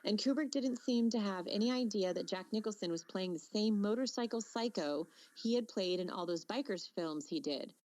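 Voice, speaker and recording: A woman's voice: medium pitch, normal speed, few pauses, a little mellow, poor audio. A woman co-hosting a casual podcast, chatty and full of fillers and restarts. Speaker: podcast co-host.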